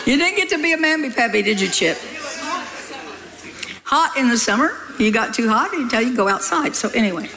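An older woman preaching a lively, folksy sermon and reading aloud to a congregation. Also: on the high side, fairly quick, pauses often, a crowd in the background, noisy background.

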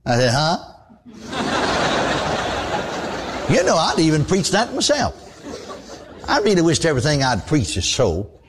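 A man's voice: a little high, sing-song, normal speed, heavy background noise. An older man, preaching a sermon in a folksy, conversational storytelling way, full of asides and repeated words.

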